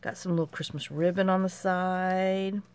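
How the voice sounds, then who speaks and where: A middle-aged woman on the low side, with a darkish, clean tone, fairly even intonation and a moderate pace, casually shows off handmade craft mail. As a craft channel host she chats to herself while handling things, exclaiming over each piece.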